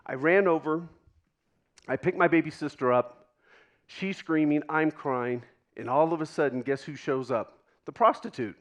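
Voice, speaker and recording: A man speaks from a stage to a live audience in a slightly higher-than-usual voice. He tells a personal story with dramatic pauses. At tender moments he drops almost to a hush. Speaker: keynote speaker.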